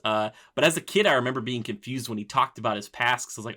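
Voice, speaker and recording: A man's voice: medium pitch, quick pace, hardly any pauses, bright, forceful tone. A man hosting a casual podcast about a movie, talking animatedly and acting out characters' lines. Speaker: podcast host.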